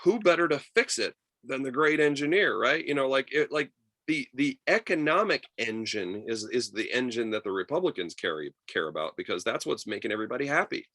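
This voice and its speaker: A man teaching a history class over a video call, lively and chatty, acting out quotes with many fillers. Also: mid-range voice, a little fast, no room sound. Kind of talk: online class lecture.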